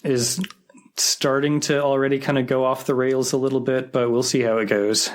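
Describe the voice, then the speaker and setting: A man's voice: mid-range voice, little pitch movement, moderate pace. A man co-hosting a podcast, talking in a laid-back, rambling way with an easy laugh. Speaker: podcast co-host. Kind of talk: casual chat.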